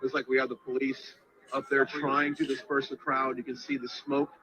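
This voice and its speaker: A man reporting live from a crowd outdoors, talking in halting, breathless bursts as he reacts on the spot. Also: mid-range voice, flat delivery, sharp tone. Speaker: field reporter. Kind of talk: live on-scene news commentary. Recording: noisy outdoor crowd recording.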